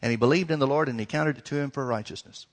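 Talking fast at medium pitch, a man preaches to his congregation in an emphatic, homespun style, stretching key words as he addresses them directly. The sound echoes with the long reverb of a big hall.

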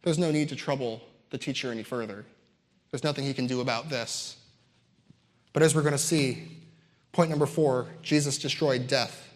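A man's voice: mid-range voice, steady tone, normal speed, pauses often. A man preaching a sermon, emphatic and building his points through repetition, with casual asides to the congregation. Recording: long hall reverb.

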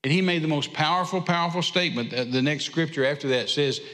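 A man preaching with a somewhat high voice, driving his points home with emphatic repetition. His sermon rings out through a church hall with a long, trailing reverb. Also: fast, sharp tone. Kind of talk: sermon storytelling. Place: church sanctuary.

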